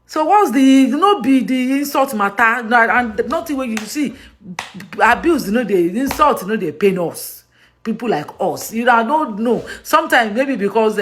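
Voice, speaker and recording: A woman's voice: on the high side, a bit bright. A Nigerian woman talking straight to her viewers in a vlog, emphatic and affectionate, often repeating herself. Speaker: actress vlogger. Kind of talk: direct-to-camera vlog monologue.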